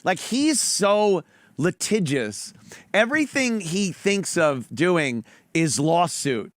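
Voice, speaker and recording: Animated, mocking man host. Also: high voice, slow pace, no echo. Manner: mocking, profane, mimics voices. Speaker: commentary channel host. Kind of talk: reaction commentary on clips.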